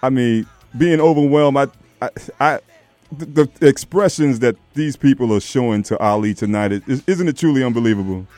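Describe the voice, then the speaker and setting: A New man hosts a live radio call-in with a lively, affectionate manner, calling his callers baby and darling. His voice sits at a middling pitch. Faint music plays under the broadcast. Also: moderate pace, no echo. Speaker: radio host.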